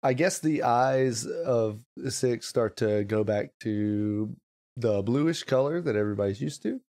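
A man playing a tabletop game, describing his character's actions haltingly. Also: mid-range voice, darkish tone. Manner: halting, tentative. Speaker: player. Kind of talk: casual tabletop game chat.

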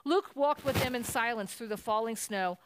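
A woman's voice: a little high, normal speed, noisy background. Woman reading a children's story aloud. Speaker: reader at a church service. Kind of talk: storybook reading at a Christmas service. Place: church.

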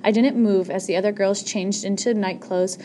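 A woman's voice: mid-range voice, steady tone, normal speed, mellow, slight background noise. A woman narrating an audiobook chapter in the first person, reading steadily with a few small slips.

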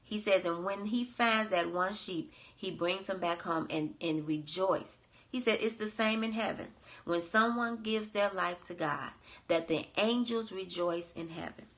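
A woman's voice: mid-range voice, measured pace, fairly bright tone. A woman coach and podcast host giving earnest devotional Bible teaching, repeating phrases for emphasis.

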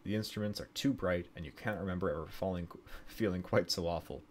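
A man's voice: low-pitched, fairly quick, a little hiss or hum. A man streaming a game, reading its story text aloud, stumbling over words and correcting himself with casual asides.

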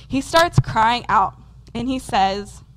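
A woman's voice: on the high side, expressive, takes it slowly, fairly bright tone, poor audio. A woman preaching a conversational sermon in a church, talking casually with lots of "um" and "like". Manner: casual, many fillers like "um" and "like". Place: church hall with a congregation.

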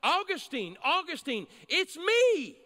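A man preacher voicing a pleading, insistent woman who is a former lover, rising to a shout. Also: very high voice, big pitch swings, fast talker, in a large hall, voice pushed up, full character voice.

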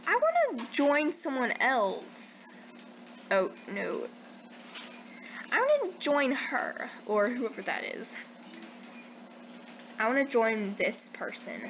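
A young woman giving casual gameplay commentary as a channel host, excitable, squealing when panicked and full of "like" fillers. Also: a little high, extremely slow, long pauses, muffled recording, a little hiss or hum.

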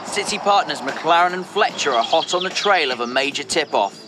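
A man's voice: fairly high pitch, expressive, brisk, natural voice. A man narrating a mock documentary in a punchy, alliterative style. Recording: music bed behind voice.

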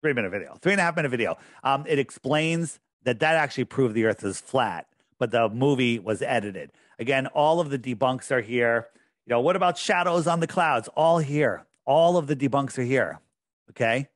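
A man's voice: mid-range voice, normal speed, no room sound, clean studio sound. A man speaking as a podcast guest in casual chat, insistent and emphatic, often repeating himself.

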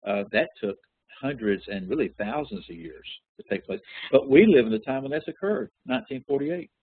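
A man leading a Bible study class, teaching in a relaxed, conversational way with many fillers and questions to the group. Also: mid-range voice, brisk, breathy edge, no room sound, narrow, tinny audio. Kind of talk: interactive Bible lesson.

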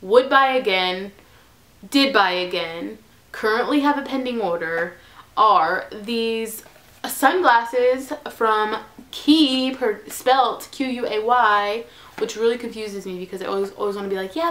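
A woman's voice: mid-range voice, measured pace, a bit bright. A woman gushing through a casual haul vlog from her bedroom, bubbly and chatty, sometimes dropping to a whisper. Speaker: haul vlogger.

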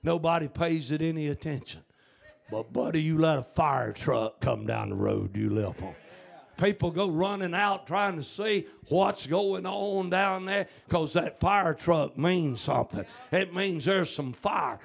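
A man preaches a revival sermon from the pulpit, high-pitched and gravelly. He drives each point home with fiery emphasis and breaks into shouts. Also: a little slow. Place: church service.

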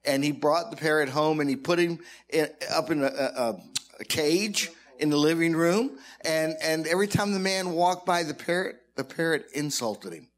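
A man's voice: fairly high pitch, moderate pace. A man preaching in a church as pastor, talking conversationally and joking with his congregation. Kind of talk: sermon.

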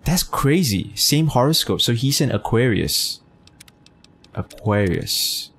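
A man's voice: mid-range voice, animated, normal speed, a bit bright, slightly rough. A man streaming a game, chatting casually with his chat, teasing, full of fillers and swearing. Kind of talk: casual gameplay commentary, reading chat.

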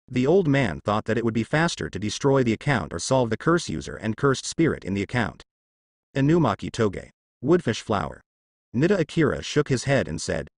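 A male narrator reads a translated fan novel aloud with a lively, swinging pitch. His delivery is steady and unbroken, with no slips or fillers. The voice sits close and dry, with no room sound around it. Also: moderate pace, dry recording.

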